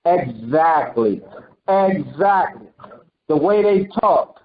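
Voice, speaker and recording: A man with a notably high voice teaches scripture in a loose, conversational sermon, tossing questions to his listeners and slipping into quoted voices. The recording is dull and lo-fi. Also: takes it slowly, slight background noise. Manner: animated, quizzes listeners and acts out quotes. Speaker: preacher teaching a congregation.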